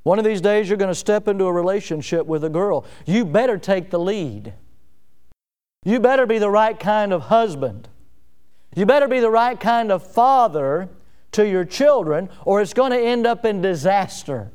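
With a clear, resonant tone and a moderate pace, a pastor preaches animatedly to his congregation in church. Key phrases come back again and again as he moves between loud, forceful moments and low, quiet ones.

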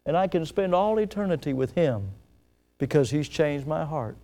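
A man preaching a sermon at an evening church service. He tells a story dramatically, swelling loud and then dropping soft, and slows down to stress key words. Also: on the high side, animated. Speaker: pastor.

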